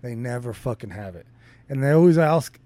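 A man's voice: mid-range voice, a little fast, no room sound. A man hosting a casual podcast chat, joking and profane as he tells stories. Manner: joking, profane, animated storytelling.

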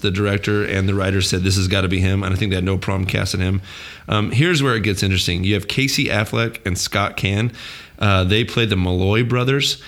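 A man's voice: deep voice, a bit bright. A man hosting a casual podcast chat, working through his notes and asking his co-hosts questions. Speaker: podcast host.

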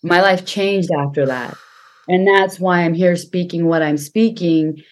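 A woman's voice: on the low side, unhurried. A woman talking as a podcast guest and healer, telling her story earnestly, often repeating herself for emphasis. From Punjabi family. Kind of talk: casual conversation.

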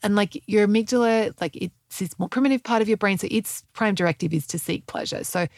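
Middle-aged woman host with a gravelly voice. Dry, close sound. Casual, rambling chat. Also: mid-range voice, brisk, darkish tone, no room sound. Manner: chatty, rambling, many "like" fillers and self-corrections. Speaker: podcast host and health coach.

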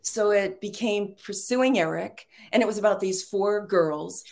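A middle-aged American woman from Texas, a playwright and screenwriter telling stories as a guest in casual chat, animated and quick to laugh. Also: medium pitch, vocal fry, a little hiss or hum. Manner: animated storyteller, laughs often.

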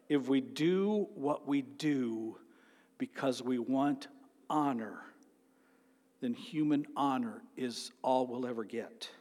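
A man preaching a sermon as pastor, dramatic, swinging from a near-whisper to loud exclaiming. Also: fairly high pitch, long reverb tail. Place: church sanctuary.

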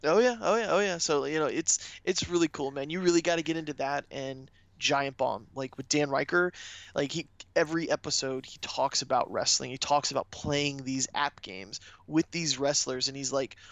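A man's voice: mid-range voice, moderate pace, fairly bright tone, no echo. A man co-hosting a casual podcast, rambling enthusiastically and swearing casually. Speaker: podcast co-host. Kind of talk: casual chat.

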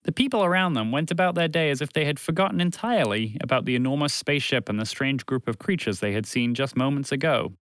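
A man narrating a children's story in an animated, expressive reading. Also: medium pitch, quick pace, hardly any pauses, clear, resonant tone, dry recording.

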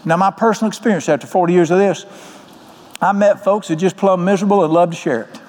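Folksy preacher, high voice. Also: male voice, quick pace, a little mellow, a little hiss or hum. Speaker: pastor. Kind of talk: sermon. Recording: long hall reverb.

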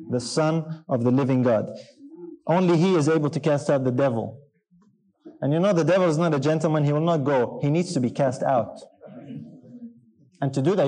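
A man delivers a sermon in a slightly higher voice, earnest and emphatic. He keeps asking his listeners questions and pressing his point home. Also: mellow, poor audio. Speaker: preacher.

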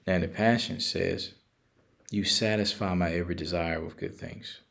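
Deep gravelly older man leading Bible study. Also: steady tone, moderate pace, a bit bright. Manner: reads scripture aloud, then explains it in plain talk. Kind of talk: casual Bible study chat.

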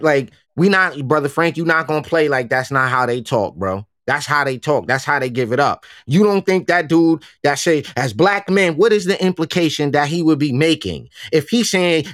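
Male co-host, casual slang, animated, higher voice, dry close mic. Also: moderate pace, hardly any pauses, dry recording. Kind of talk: political commentary chat.

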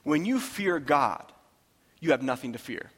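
Male pastor, fairly high voice, preaching with passion, hushed to loud, long hall reverb. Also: animated, unhurried, slightly rough. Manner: impassioned, swinging from hushed to loud. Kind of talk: sermon.

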